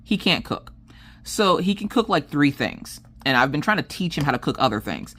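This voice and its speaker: A woman's voice: sits low, big pitch swings, normal speed, fairly bright tone. Lady rambling about her craft kit, chatty, trips over her words, close mic. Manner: chatty storyteller, restarts and laughs often. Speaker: crafting vlogger. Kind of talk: casual chat while diamond painting.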